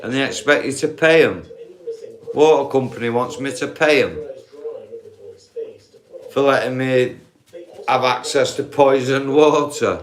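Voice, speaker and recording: Man, live-stream rant, unhurried and sweary. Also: mid-range voice. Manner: profane, laughs at own points, addresses viewers as guys. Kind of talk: ranting live-stream monologue.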